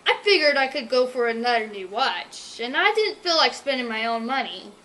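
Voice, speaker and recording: A woman's voice: on the high side, expressive, pushed and bright, slight background noise, poor audio. A woman voicing a boastful, greedy rich villain man, drawing out his sneering lines in a storybook reading. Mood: gloating. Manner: boastful, sneering, drawn-out delivery.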